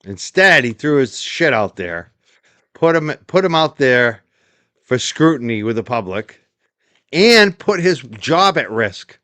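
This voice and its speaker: A man's voice: mid-range voice, sing-song, slow, bright, forceful tone, no room sound. A man commentating on clips with a profane, mocking and sarcastic tone. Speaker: live-stream commentator.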